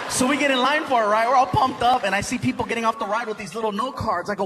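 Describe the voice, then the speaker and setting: A male stand-up comedian telling stories on stage, animated and loud, slipping into playful voices and sound effects. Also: very high-pitched, rapid-fire, few pauses. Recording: live stage recording with noise.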